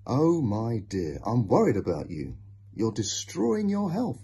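A man's voice: medium pitch, big pitch swings, a little slow, gravelly, mellow, breathy edge, pitched above the performer's own voice, exaggerated voice. A man voicing an anxious, caring mother who scolds firmly, in a children's storybook reading. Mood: worried. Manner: worried, firm and scolding.

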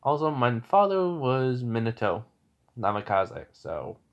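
A man's voice: mid-range voice, very animated, measured pace, gravelly, lo-fi sound. A man voicing a cheerful, casual boy ninja in his own everyday voice, speaking in an offhand way.

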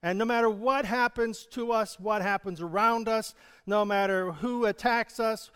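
A man's voice: high-pitched, normal speed, a bit bright, smooth, in a large hall. A male pastor preaching a sermon in a conversational manner, chuckling often. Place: church hall.

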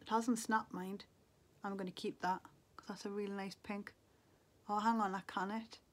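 Woman, middle-aged, beauty vlogger, casual, wistful, talks to herself. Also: mid-range voice. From Northeast England. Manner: chatty, muttering to herself, wistful. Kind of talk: casual talk to camera.

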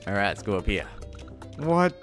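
A man's voice: fairly low pitch, very animated, moderate pace, a bit bright, faint music behind. A man giving casual let's-play commentary at home into a desk microphone, laughing often and yelping at surprises. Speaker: gaming commentator. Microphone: desk USB microphone.

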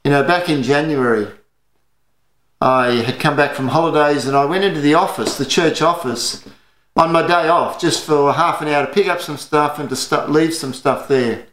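A man's voice: fairly high pitch, moderate pace, fairly bright tone, roomy sound. An Australian man preaching an earnest sermon as pastor, telling stories to his church.

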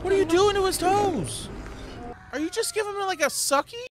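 A woman's voice: extremely high pitch, normal speed, music in the background. A woman reacting to a horror film with brash, profane, joking commentary.

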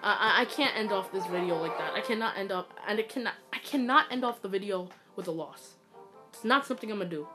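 A woman giving excitable, ranting commentary while playing a mobile game, swinging between yelling and muttering. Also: mid-range voice, quick pace. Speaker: gaming YouTuber. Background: loud game music.

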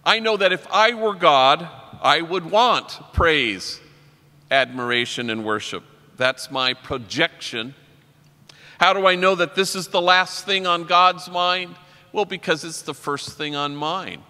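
A priest speaks a little slowly in a slightly high voice that's bright and forceful, delivering an inspirational conference talk full of stories. He quotes poets and people he works with, and the big hall gives the recording a long reverb.

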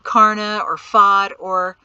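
A woman's voice: medium pitch, little pitch movement, slow pace, sharp tone, clean tone, no echo, muffled recording. A woman voicing a headstrong young adult son who argues back in a raised, insistent voice. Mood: defiant.

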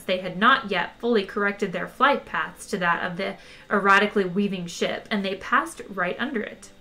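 Woman reading a funny sci-fi book out loud, bright clear voice, lively. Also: mid-range voice. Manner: lively, wry storytelling. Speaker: audiobook reader. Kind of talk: expressive audiobook narration.

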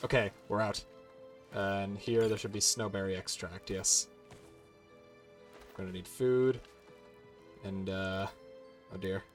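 A man's voice: deep voice, fairly even intonation, slow, long pauses, soft background music. A man giving casual gameplay commentary as host, chatty and laughing, swearing now and then as he plays. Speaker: gaming channel host.

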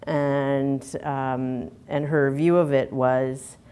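A woman's voice: rumbling low, flat delivery, very slow, mellow, clean tone. A middle-aged woman, giving a candid conference talk full of fillers and restarts. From Canada. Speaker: conference speaker.

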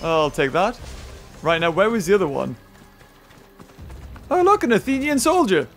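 A young man commentating a game playthrough, excitable and laughing often. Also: a little high, a little slow, long pauses. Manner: laughs often, cheers at the screen. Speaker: gaming video host. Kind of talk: excitable let's-play commentary. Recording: commentary over game music.

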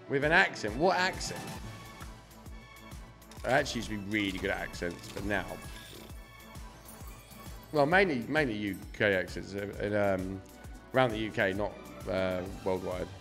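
A man's voice: on the low side, moderate pace, pauses often, fairly bright tone, faint music behind. A young man doing casual live-stream commentary, swearing freely and chatting to his viewers. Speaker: slot streamer.

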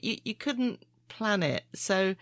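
A woman hosting a podcast, talking in a thoughtful, measured, musing way. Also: mid-range voice, animated, dry recording. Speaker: podcast host. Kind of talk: reflective podcast conversation.

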